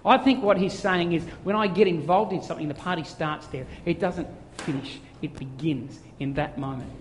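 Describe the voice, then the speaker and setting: A male pastor preaching a lively sermon, telling stories and acting out little voices as he goes. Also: a little high, moderate pace, slight background noise. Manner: animated storytelling, acts out voices. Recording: long hall reverb.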